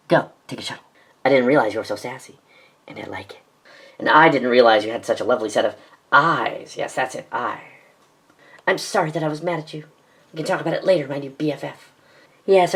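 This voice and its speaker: A woman performing a fan audio drama, playing many parts in a sarcastic, melodramatic way. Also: low-pitched. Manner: quick-switching, sarcastic, melodramatic. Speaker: narrator and voice actor.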